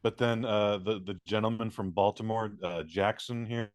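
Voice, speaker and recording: A man co-hosting a casual comedy podcast, telling absurd stories in a deadpan, stammering way. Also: on the low side, moderate pace, dry recording. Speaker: podcast co-host. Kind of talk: casual chat.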